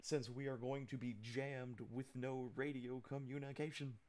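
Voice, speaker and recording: A man's voice: mid-range voice, little pitch movement, moderate pace, darkish tone. A man playing a tabletop role-playing game, bantering playfully with the others. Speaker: player.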